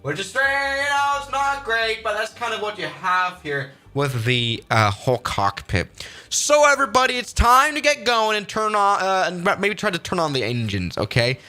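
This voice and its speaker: A man streaming a flight simulator, narrating each step in a casual, rambling and upbeat way. His pitch swings widely as he thinks aloud, and music plays clearly behind him. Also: sing-song, moderate pace, pushed and bright. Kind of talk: casual live-stream gameplay commentary.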